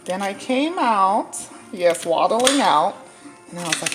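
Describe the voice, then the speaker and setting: A woman's voice: on the high side, moderate pace. Chatty woman storyteller in a kitchen. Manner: animated, laughing, chatty. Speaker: dietitian sharing a personal story. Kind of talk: casual storytelling while cooking. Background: cooking clatter, faint music.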